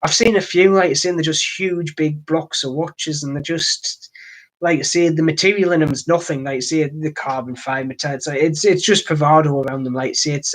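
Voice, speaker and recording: A man's voice: on the high side, steady tone, normal speed, fairly bright tone. A man from North East England with a Durham accent, hosting a casual live stream from home and rambling along with "like I say". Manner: rambling, chatty, keeps saying "like I say". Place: home, next to his computer.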